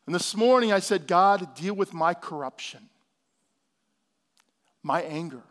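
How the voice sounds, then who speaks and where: Pastor, male, high voice, dynamic sermon delivery that swings from hushed to loud. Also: a little slow. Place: church hall.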